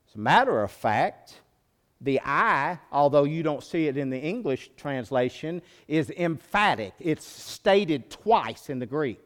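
A male pastor preaching a sermon, moving from quiet low teaching to loud, high-pitched preaching.

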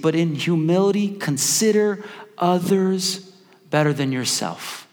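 A pastor telling a personal story in a sermon, animated and acting out his own thoughts. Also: high-pitched, measured pace, big-room sound.

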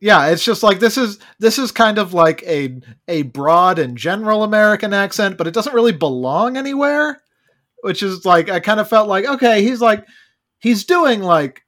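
A man's voice: sits high, lively intonation, moderate pace, fairly bright tone. A man in a casual movie discussion, talking hesitantly with hedges and restarts. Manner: hesitant, hedging, frequent restarts.

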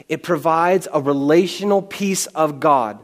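Animated man preaching a sermon. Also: on the high side, a little slow. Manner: animated, repeats words. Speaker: pastor.

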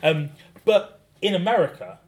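Southern english male podcast host, slightly high voice, rambling with fillers. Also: very animated, moderate pace. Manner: rambling anecdotes with filler words. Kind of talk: casual chat.

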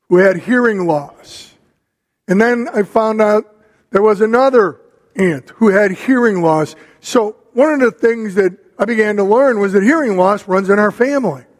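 A middle-aged man preaches in an unhurried storytelling way, leaning on pauses between phrases. His voice sits high for a man. A long hall reverb hangs behind every phrase. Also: a little mellow. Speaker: pastor. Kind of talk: sermon.

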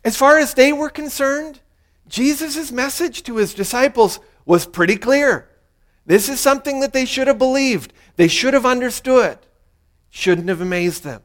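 Guy pastor with a pretty high voice, preaching a sermon, earnest, keeps repeating the main point. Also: normal speed, a bit bright. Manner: earnest, repeats key lines for emphasis.

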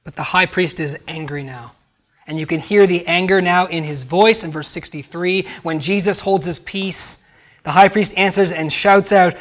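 High-voiced American preacher, dramatic delivery. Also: male voice, normal speed, lo-fi sound. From United States. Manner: dramatic, acts out quoted voices. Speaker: pastor. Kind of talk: sermon.

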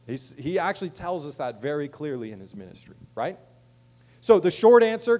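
A man delivers a sermon in a loose, conversational way, slipping into casual asides before swelling with emphasis on key points. His voice sits a bit higher than most men's. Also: darkish tone. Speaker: pastor.

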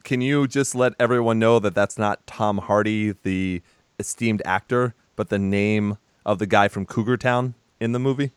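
A man's voice: on the low side, moderate pace, smooth, dry recording. A man hosting a movie podcast in casual chat, rambling and laughing, with some swearing. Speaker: podcast host.

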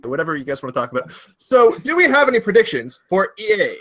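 A man's voice: sits high, big pitch swings, quick pace, a bit bright. A man hosting a casual gaming podcast, upbeat and hyped as he introduces his guests. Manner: upbeat, hyped, bouncy delivery. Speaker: podcast host.

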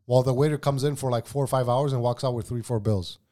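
A man's voice: medium pitch, steady tone, fast talker, dark tone. Profane storytelling man. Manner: profane, storytelling, says bro a lot. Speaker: podcast guest, former cook. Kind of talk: casual chat.

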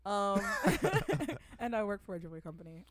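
A woman's voice: mid-range voice, very animated, moderate pace, no echo. Giggly young woman chatting, dry sound. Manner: giggly, rambling, tries out silly accents. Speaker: podcast guest. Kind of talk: casual chat.

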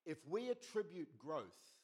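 A middle-aged man preaching a sermon as pastor, telling stories with lively quoted voices. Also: fairly high pitch, measured pace, slightly rough. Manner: animated storytelling with quoted voices.

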